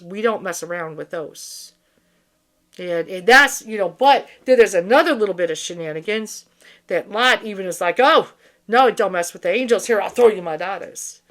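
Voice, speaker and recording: A woman hosts her spiritual channel in a loose, unscripted monologue, her voice sitting at a middling pitch. She rambles bluntly, swears freely and keeps restarting her sentences. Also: fairly bright tone.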